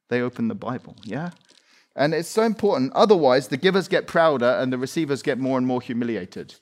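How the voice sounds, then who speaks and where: A man preaching a sermon, retelling a Bible story with animated storytelling and acted-out quotes. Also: on the high side. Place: church meeting room.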